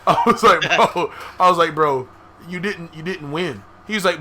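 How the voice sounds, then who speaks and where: A man's voice: fairly high pitch, unhurried, pushed and bright. A young man hosting a podcast, telling a story casually, profane and laughing as he goes. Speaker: podcast host. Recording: faint background noise.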